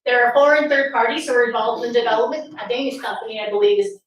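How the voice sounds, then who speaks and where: A woman's voice: on the high side, fairly even intonation, quick pace. Sarcastic woman speaking in an echoey hall. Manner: sarcastic, rhetorical questions to the audience. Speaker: speaker at a political summit. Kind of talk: presentation talk. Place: meeting room with audience. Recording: very echoey room from far off, faint noise.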